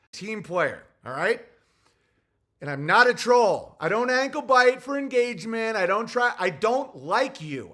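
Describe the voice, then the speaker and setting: A man's voice: sits high, sharp tone. A male comedian delivering a heated, blunt and sarcastic ranting monologue.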